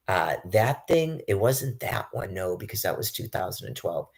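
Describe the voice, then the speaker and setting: Gravelly low-voiced man ranting profanely. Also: animated, moderate pace. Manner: profane, agitated, rambling with frequent restarts. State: homeless. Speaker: public access show guest. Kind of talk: rambling monologue.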